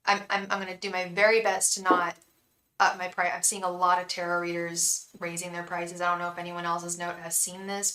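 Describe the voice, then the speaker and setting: A woman's voice: fairly low pitch, bright, forceful tone, roomy sound, low-quality recording. A young woman from the Bay Area hosting a live tarot stream, chatting casually, venting about her day and chanting a repeated invocation to spirit guides. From San Francisco Bay Area.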